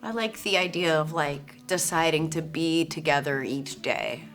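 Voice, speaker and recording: A woman's voice: low voice, a little slow, a bit bright, soft background music. A woman in her forties, chatting as an interview guest, rambling and self-deprecating. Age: 40s. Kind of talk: casual chat.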